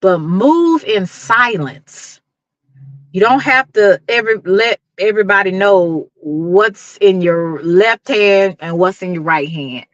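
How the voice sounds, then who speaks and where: A woman's voice: medium pitch, slow, dry recording, highs cut off. A middle-aged woman with a Dallas accent, giving an emphatic, preachy motivational talk to her livestream viewers and laughing often. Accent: Dallas, Texas. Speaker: YouTube livestream host.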